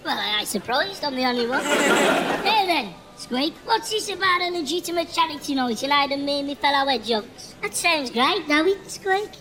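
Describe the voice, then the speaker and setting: Brash Black Country hedgehog. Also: female voice, high-pitched, lively intonation, moderate pace, sharp tone, a faint crowd. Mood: swaggering. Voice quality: chummy, crude, swaggering. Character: brash boozy male hedgehog celebrity. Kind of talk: radio comedy acting. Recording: roomy echo, faint noise.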